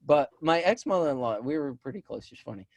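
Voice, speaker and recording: Guy cohosting a chat show, swings his pitch all over, laughs loud at himself, dry close sound. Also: fast, no echo. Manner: animated, self-deprecating storyteller, gets loud when laughing. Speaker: podcast co-host. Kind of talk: casual chat.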